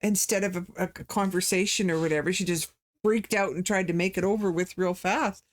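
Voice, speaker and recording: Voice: mid-range voice, fairly even intonation, fairly quick. A co-host in a casual TV reaction chat, agreeable, backing the other speaker with constant yeahs. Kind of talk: casual chat about a TV episode.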